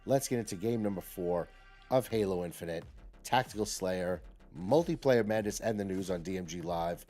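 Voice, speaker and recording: A man's voice: low voice, normal speed, mellow, faint music behind. A middle-aged man chatting casually while he streams a game as host, often repeating himself and asking "okay?". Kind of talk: casual live gameplay commentary.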